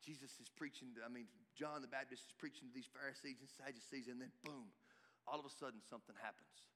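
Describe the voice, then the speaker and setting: A man preaching a sermon, emphatic and climbing to shouts at his peaks. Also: medium pitch, fairly even intonation, fast. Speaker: pastor. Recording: reverberant hall.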